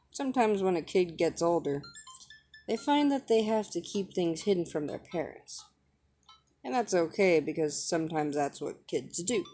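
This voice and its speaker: A woman voicing an awkward, earnest single dad who rambles gently while trying to talk with his teenage daughter. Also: mid-range voice, voice pushed up, lightly acted. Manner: gentle, rambling, fumbling for words. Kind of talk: reading a dating-sim script aloud.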